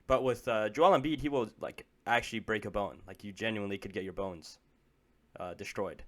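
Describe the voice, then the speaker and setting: A young man co-hosting a casual podcast, reasoning out loud with lots of fillers. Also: on the low side, steady tone. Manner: fast, filler-heavy reasoning. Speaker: podcast co-host. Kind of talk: casual chat.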